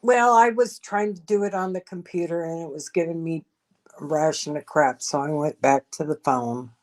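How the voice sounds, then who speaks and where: A woman's voice: deep voice, moderate pace. A woman chatting as a guest on a livestream, plainly explaining what she did. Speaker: stream guest. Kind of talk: casual chat. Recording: crowd noise behind.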